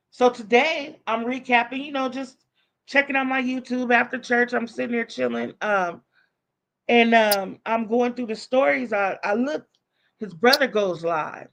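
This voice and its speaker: A woman's voice: on the high side, a bit bright. A woman live streamer telling a story in casual, profane talk, acting out the voices of the people she quotes.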